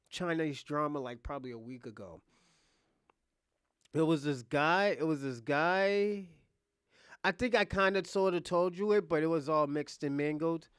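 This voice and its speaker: High-voiced man rambling through a story. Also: clear, resonant tone, dry recording, clean studio sound. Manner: rambling, profane retelling with many fillers and restarts. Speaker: podcast host. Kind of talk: casual storytelling monologue.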